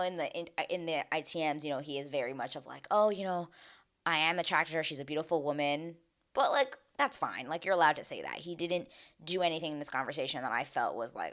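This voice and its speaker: Animated sarcastic woman vlogger. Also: low-pitched. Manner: animated, sarcastic, swings to exaggerated outbursts. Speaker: TV recap vlogger. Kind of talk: casual reality-show recap.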